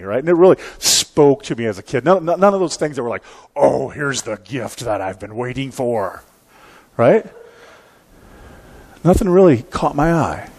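He has a mid-range voice, slightly mellow. A pastor in his forties, he preaches in a church sanctuary by telling a light, self-deprecating story in a conversational way, checking in with the congregation through a recurring "right?"

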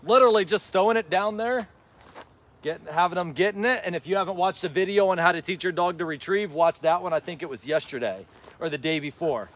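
Out in a yard, a man vlogs while tossing a ball for his dog, offering viewers loose, wandering advice. He cheers the dog on excitedly, his voice high and his pace brisk.

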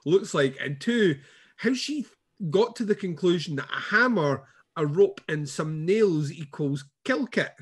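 A male podcast co-host with a fairly high voice, cracking sardonic jokes and swearing freely in a loose, casual chat. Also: expressive, a little slow, husky. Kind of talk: casual comedic recap.

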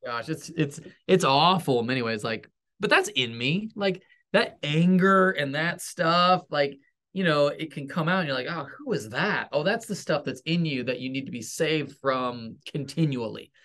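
A man's voice: a little high, moderate pace, a bit bright. A man, a pastor and military veteran, telling stories in a rambling, self-deprecating way as an interview guest. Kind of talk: casual storytelling interview.

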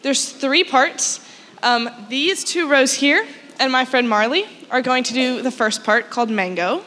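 A young woman chorus teacher, upbeat and encouraging, leading an audience warm-up chant at a school concert in a concert hall. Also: high voice, unhurried. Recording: long hall reverb with music behind.

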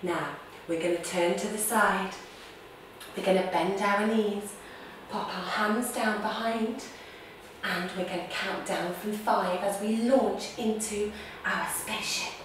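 Slow, playful kids' yoga teacher woman. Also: medium pitch, fairly even intonation, slight background noise. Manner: playful, gasping and making beeping sound effects. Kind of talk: guided story-time yoga for children. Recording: echoey room, distant mic.

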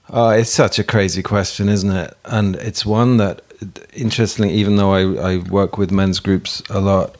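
A man's voice: low-pitched, fairly even intonation, measured pace, a little mellow. A man in his fifties from England, a therapist, talking in a thoughtful, hesitant way and often restarting his sentences as an interview guest. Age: 50s. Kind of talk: reflective interview talk.

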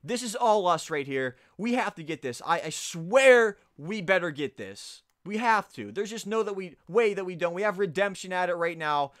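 A man commentating his own football video game at home, pleading quietly one moment and yelling in fury the next. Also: sits high, expressive, normal speed, hardly any pauses. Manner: swings from pleading murmurs to furious yelling. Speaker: gaming YouTuber. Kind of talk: raging gameplay commentary. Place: home room. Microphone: desk microphone.

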